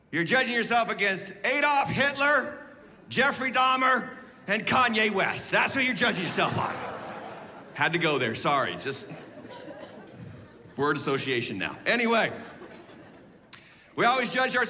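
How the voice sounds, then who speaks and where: A male pastor preaching a sermon in an animated way, swinging from shouted emphasis to hushed asides and leading the congregation in call-and-response. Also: high voice, in a large hall, a little hiss or hum.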